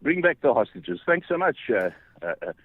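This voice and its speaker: A man rings a radio show while walking uphill, and he is out of breath. He argues his point in an impassioned, rambling way, and his pitch swings widely. The call comes through as a thin, tinny phone line. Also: very animated, normal speed, no echo. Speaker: caller.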